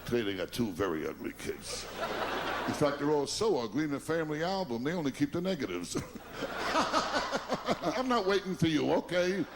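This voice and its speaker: Brash stand-up man, slightly high voice, rapid one-liners, chuckles at his gags, noisy tape. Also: sing-song. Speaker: stand-up comedian. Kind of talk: stand-up comedy routine.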